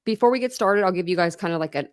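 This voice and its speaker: A woman's voice: fairly low pitch, very fast, no echo, clean studio sound. A woman hosting a casual true crime livestream, chatting and greeting her viewers by name. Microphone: webcam setup at a desk.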